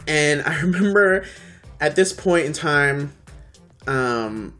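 A podcast co-host telling a story in casual chat, animated, swearing freely and acting out the people in it. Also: medium pitch, slow, soft background music.

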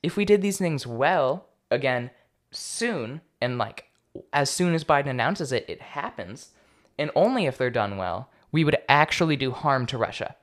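A man's voice: medium pitch, lively intonation, moderate pace. A young man hosting a solo political commentary podcast, talking casually with a sarcastic edge. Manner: casual, sarcastic, stumbles over foreign names. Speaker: podcast host.

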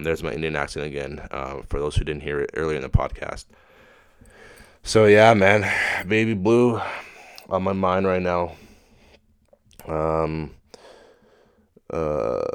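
A man's voice: a bass voice, clear, resonant tone, no room sound, studio quality. A young man hosting a casual solo podcast, rambling and swearing freely in a laid-back way. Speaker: podcast host.

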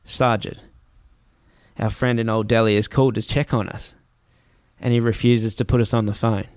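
A man with an Australian accent telling a story in a casual chat, rapid and swearing freely as he acts out what people said. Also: on the low side, little pitch movement, darkish tone, no echo, studio quality.

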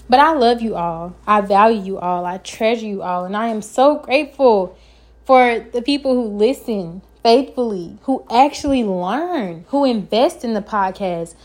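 A woman's voice: mid-range voice, moderate pace. A woman hosting her own podcast, giving an earnest, encouraging self-help talk and sometimes stumbling over her words. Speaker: podcast host.

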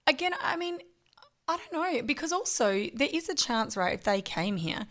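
Animated woman podcaster. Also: high-pitched, moderate pace. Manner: animated, laughs often, speculative. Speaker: podcast co-host. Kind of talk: casual chat.

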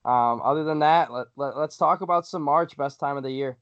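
A man's voice: a little high, fairly quick, a bit bright. Hyped young male podcast host, lo-fi sound. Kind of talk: casual sports podcast chat. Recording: dull lo-fi recording.

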